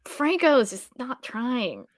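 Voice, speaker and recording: A woman co-hosting a podcast in casual chat, wry and quick to laugh and swear. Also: on the high side, very animated, no echo, studio quality. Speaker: podcast co-host.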